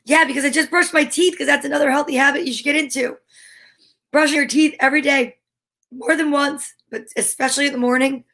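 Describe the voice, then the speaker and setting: Bubbly woman host, middle-aged, high bright voice, chatty and animated with young viewers. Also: a little fast. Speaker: host of a children's story-time show. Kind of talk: cheerful chat to kids at home.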